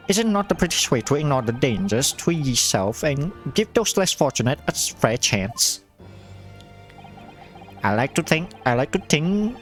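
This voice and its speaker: A jovial, pompous rich gentleman, voiced by a man speaks in a grandiose, self-satisfied tone. His pitch rises and falls in a lively way as he holds forth.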